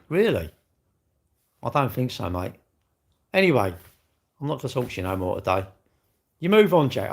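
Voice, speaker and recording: A man's voice: on the high side, vocal fry. A man hosting a casual livestream, talking in an exasperated, rambling way and repeatedly calling the viewer "mate". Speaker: livestream host.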